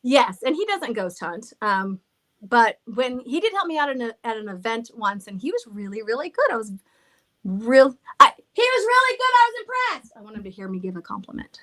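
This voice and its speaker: A woman's voice: a little high, lively intonation, normal speed. A middle-aged woman who owns a haunted house, rambling through stories in casual chat, laughing and swearing freely. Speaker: haunted villa owner.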